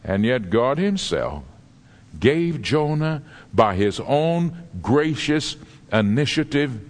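Animated male preacher in a reverberant hall. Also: medium pitch. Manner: animated storytelling preacher with dramatic pauses. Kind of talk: sermon. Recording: long reverb of a large hall.

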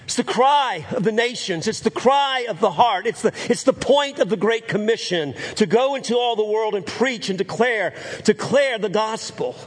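A man's voice: sits high, expressive, normal speed, hardly any pauses, breathy edge. A man preaching a sermon as pastor, earnest and repeating phrases for emphasis.

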